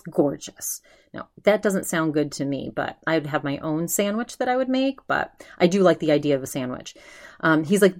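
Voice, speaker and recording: A woman hosting her own podcast, chatting casually and retelling what others said with lively quoting. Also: lowish voice. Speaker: podcast host. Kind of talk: casual solo podcast chat.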